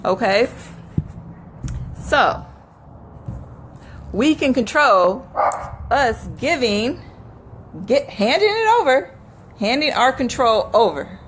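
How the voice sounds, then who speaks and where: A woman's voice: high voice, sing-song, slow, long pauses, slight background noise, low-quality recording. A woman giving a live motivational talk to her viewers, repeating affirmations earnestly and laughing often. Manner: speaks to viewers by name. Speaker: motivational speaker.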